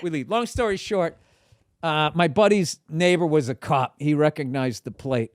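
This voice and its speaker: A man telling a story from his youth in casual chat, animated, laughing and swearing as he goes. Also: on the high side, moderate pace, no room sound, clean studio sound. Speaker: podcast guest.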